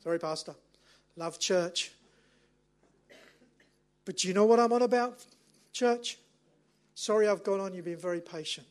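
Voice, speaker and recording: A man with a very high voice preaches before communion with fervent intensity. He stacks one rhetorical question on another and drops from loud declarations to hushed, near-whispered lines. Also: a little slow, long pauses. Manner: impassioned, with repeated rhetorical questions. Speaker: lay speaker leading communion. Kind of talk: sermon.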